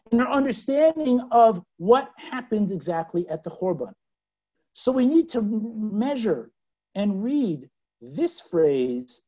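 A woman teaching a scripture lesson in a dramatic way, asking her listeners questions and swinging from loud to hushed. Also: mid-range voice, breathy edge. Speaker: Bible teacher. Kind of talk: expressive scripture lecture. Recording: dull lo-fi recording.

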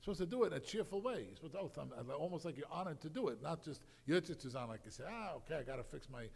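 A man teaching a Torah class, lively and full of fillers, acting out the voices he quotes. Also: on the high side, very fast, gravelly, husky. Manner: animated, acts out quoted voices, many fillers. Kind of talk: Torah lecture. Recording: long hall reverb.

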